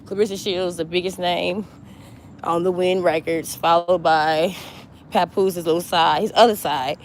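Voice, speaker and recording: A woman's voice: on the low side, fairly even intonation, moderate pace, a little hiss or hum. A woman giving blunt, mocking celebrity gossip commentary, swearing freely as she talks.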